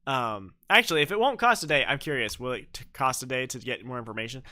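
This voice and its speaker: A man's voice: medium pitch, lively intonation, fast talker, bright, forceful tone. A young man livestreaming a game, chatting playfully and telling jokey stories with silly voices. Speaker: streamer. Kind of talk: livestream gameplay chat.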